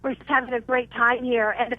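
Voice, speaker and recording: Bubbly high-voiced woman on a phone line. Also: flat delivery, a little fast, no echo. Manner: bubbly, gushing. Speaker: regular host calling in by phone. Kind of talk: casual phone chat.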